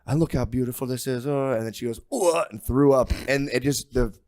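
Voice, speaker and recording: A man's voice: mid-range voice, steady tone, fairly quick, a little mellow, dry recording. A man on a podcast with a mid-range voice, recorded close and dry. He tells stories in a laid-back, profane way. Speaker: podcast co-host. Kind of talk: casual podcast banter.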